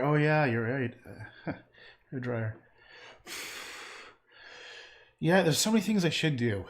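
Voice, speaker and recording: A man painting and chatting casually on a livestream, rambling and trailing off into muttered asides. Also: mid-range voice.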